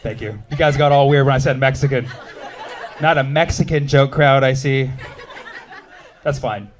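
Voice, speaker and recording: A man in his thirties from the United States doing a stand-up set, animated and punchy, with shouted bits and quick asides to the crowd. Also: mid-range voice, slight background noise. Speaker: stand-up comedian.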